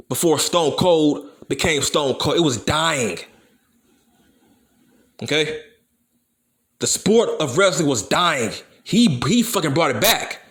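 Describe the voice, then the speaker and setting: A man on a solo commentary video, going off in a heated and profane rant. His voice sits a bit high for a man and swings up and down a lot as he hammers each point over and over. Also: a bit bright. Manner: heated, profane, repeats himself for emphasis. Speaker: wrestling YouTuber. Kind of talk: profane opinion rant to camera.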